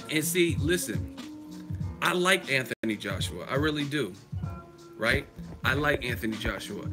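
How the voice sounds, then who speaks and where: A man from the United States hosting a live stream, ranting emphatically with profanity and rhetorical questions. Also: fairly high pitch. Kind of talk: casual live-stream commentary.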